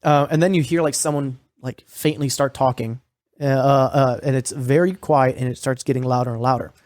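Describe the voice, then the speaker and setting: Recapping a horror series on a podcast he co-hosts, this man rambles, swears and fills his talk with fillers, speaking at normal speed. His middle-pitched voice is a little mellow with a steady tone, and the close, dry recording has no echo.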